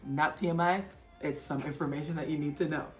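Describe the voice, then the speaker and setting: A woman vlogger casually telling her own story in a chatty, animated way. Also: a little fast. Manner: chatty, animated, acts out others' lines in a high excited voice. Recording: echoey room with faint music.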